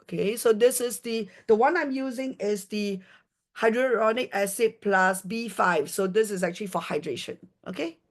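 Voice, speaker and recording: A woman's voice: mid-range voice, moderate pace. A middle-aged woman on a video call, demonstrating a skincare device step by step and checking in often with "okay?". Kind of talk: live product demonstration.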